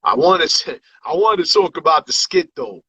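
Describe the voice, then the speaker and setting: A man hosts a laid-back hip hop interview packed with slang, fillers and "you know what I mean." His voice is a little high, husky and sharp, very animated at a moderate pace, and the recording is dry.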